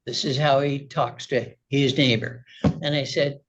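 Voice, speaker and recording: A man's voice: medium pitch, steady tone, measured pace, dull audio, noisy background. A man speaking as a litigant in a courtroom, telling his side of the story in a rambling, agitated way full of restarts. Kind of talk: testimony in a courtroom.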